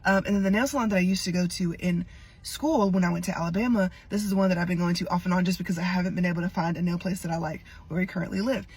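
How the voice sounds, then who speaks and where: Husky fast-talking young woman, set back from the mic. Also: fairly low pitch, steady tone, a little mellow. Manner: chatty, rambling, exasperated asides. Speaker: TikTok storyteller. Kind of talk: casual storytime.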